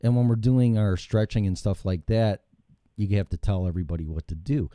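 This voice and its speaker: Swearing talk-show host, deep dark voice. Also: male voice, fairly quick, dry recording, clean studio sound. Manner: profane, rambling, animated storytelling. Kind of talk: casual talk show chat. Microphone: studio mic with headphones.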